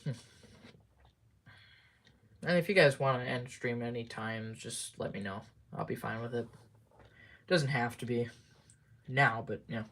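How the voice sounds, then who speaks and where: Guy rambling on his stream, slow and halting, humming to himself, lots of so yeah. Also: mid-range voice. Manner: muttering to himself between hums. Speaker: livestreamer. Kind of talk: casual live-stream chat.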